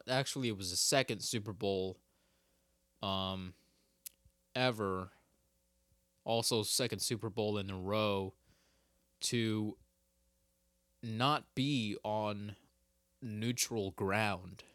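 In a dry recording, a young podcast host with a fairly low, somewhat bright voice talks on his casual solo show. He rambles, interrupts himself mid-sentence, and curses freely throughout.

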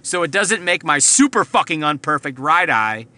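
A man's voice: a little high, sing-song, moderate pace, bright, forceful tone, dry recording. A man hosting a podcast, telling a rambling, profane story from inside his car. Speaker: podcast host. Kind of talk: casual storytelling monologue.

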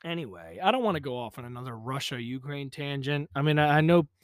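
A man's voice: mid-range voice, lively intonation, fairly quick, dry recording, studio quality. A man hosting a solo podcast, swearing constantly and ranting angrily, recorded in a small pump house. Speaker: podcast host. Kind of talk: solo profane rant. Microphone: podcast microphone.

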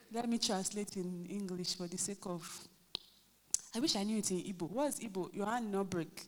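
A Nigerian woman pastor preaching a lively sermon, acting out quotes and joking with her congregation. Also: mid-range voice, normal speed. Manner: animated, acts out quotes, jokes with the congregation. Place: church hall. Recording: reverberant church hall.

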